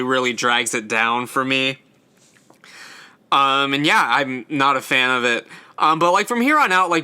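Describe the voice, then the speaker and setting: Young guy rambling casually, very bright tone, smooth clear voice, lots of ums. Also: mid-range voice. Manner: chatty, filler-heavy, stumbles over words. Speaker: host ranking episodes. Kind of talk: casual solo commentary.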